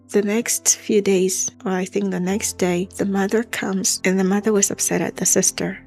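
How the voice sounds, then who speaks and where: A woman casually telling a true-crime story, animated, acting out the quotes as she goes. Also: mid-range voice, moderate pace, few pauses, soft background music.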